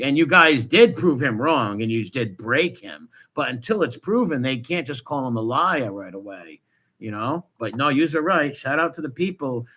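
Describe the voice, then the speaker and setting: A man hosting a stream, ranting in crude, mocking casual commentary with loud outbursts. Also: mid-range voice. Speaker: stream host.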